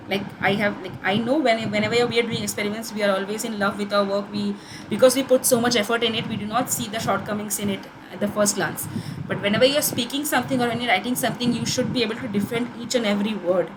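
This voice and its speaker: A woman's voice: mid-range voice, background noise. A young woman with an Indian English accent, giving an online course tutorial in a conversational way, with many fillers and restarts.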